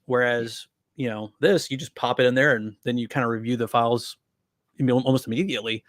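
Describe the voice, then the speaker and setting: A man's voice: medium pitch, fairly even intonation, brisk, dry recording, studio quality. A man co-hosting a podcast, chatting casually in a rambling way with many fillers. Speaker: podcast co-host.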